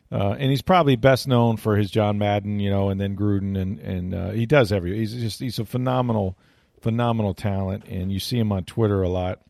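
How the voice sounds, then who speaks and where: Rambling low-voiced football analyst man. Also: vocal fry, darkish tone, no room sound, clean studio sound. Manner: rambling, many fillers and restarts. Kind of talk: casual radio chat.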